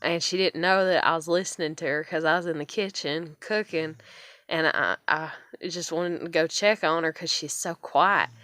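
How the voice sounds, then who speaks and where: A woman's voice: low-pitched, moderate pace, sharp tone, dry recording, clean studio sound. A woman in her thirties telling her own story in a rambling vlog, swearing often, with plenty of fillers and restarts. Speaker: vlogger. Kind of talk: casual personal storytelling.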